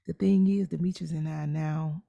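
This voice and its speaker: Dark-voiced middle-aged woman podcaster. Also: deep voice, steady tone, normal speed, creaky, lo-fi sound. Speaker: podcast co-host. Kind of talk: casual conversational reflection.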